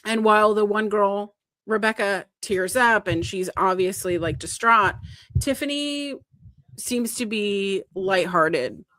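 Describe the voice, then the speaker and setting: A woman co-hosting a podcast, talking in a medium voice and retelling events with animated flair. She acts out quoted lines and gets worked up as she talks. The sound is close and dry, with no room around it. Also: medium pitch, slow, no echo. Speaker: podcast co-host. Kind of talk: casual podcast chat.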